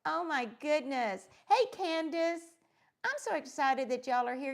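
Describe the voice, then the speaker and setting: A woman's voice: high-pitched, lively intonation, measured pace, creaky. A woman hosting a casual crafting livestream, gushing as she greets viewers by name and rambling along with plenty of fillers. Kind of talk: casual live-stream chat.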